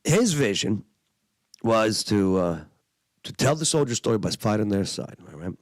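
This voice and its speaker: A man's voice: fairly low pitch, animated, moderate pace, dry recording, studio quality. A middle-aged man, an Army veteran telling a personal war story in an earnest, emphatic way, full of fillers.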